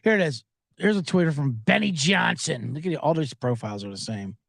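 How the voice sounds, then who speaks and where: A man's voice: a little high, expressive, a little fast, creaky, a bit bright, no echo, clean studio sound. A man hosting a sports betting podcast, riffing sarcastically and profanely while reading viewer comments aloud.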